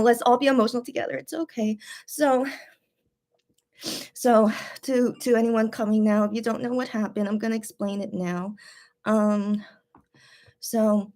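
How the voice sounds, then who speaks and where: A woman's voice: medium pitch, darkish tone. A woman hosting a late-night livestream chat, emotional and close to tears, rambling with many fillers and repeated words. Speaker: fan channel host.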